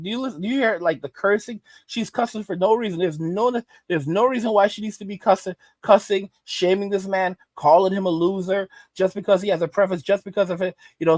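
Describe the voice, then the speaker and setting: High-voiced emphatic man. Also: dry recording. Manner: emphatic, repeats phrases for stress. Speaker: reaction commentator. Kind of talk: reaction commentary.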